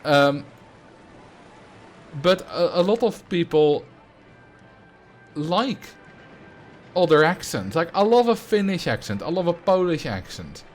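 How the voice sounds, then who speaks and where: A man's voice: on the high side, big pitch swings, takes it slowly, long pauses, faint music behind. Musing Dutch-accented man on a livestream. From Netherlands. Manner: musing, conversational, thinking aloud. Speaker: streamer. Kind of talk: casual livestream chat.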